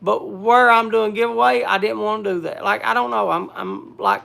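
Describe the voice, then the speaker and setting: A man with a high, gravelly voice talks loosely to his online audience. He rambles, restarts his sentences and keeps scolding a pet. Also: moderate pace, pushed and bright. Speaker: livestream host. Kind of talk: casual livestream chat.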